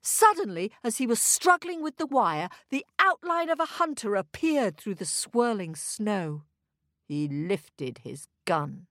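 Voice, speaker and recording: Woman reading a bedtime kids story, slow and lively, high voice, dry close sound. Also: no room sound. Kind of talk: children's storybook narration.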